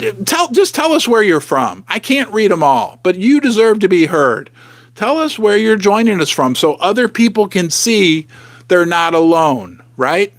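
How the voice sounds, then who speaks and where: A middle-aged man hosting a live stream from his basement, talking straight to viewers in an animated, emphatic way. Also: on the high side, no room sound. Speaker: livestream host. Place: home basement.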